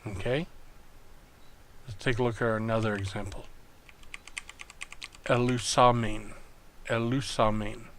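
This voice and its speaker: A man teaching an online lesson, working through exercises step by step and thinking aloud in a slow, methodical way. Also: fairly low pitch, fairly even intonation, a little hiss or hum. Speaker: Greek tutor.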